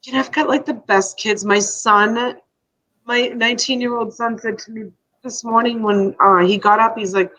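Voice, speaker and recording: A woman's voice: on the high side, normal speed, a bit bright, muffled recording. A woman hosting a casual live stream, emotional and tearful, rambling and reading out viewer comments.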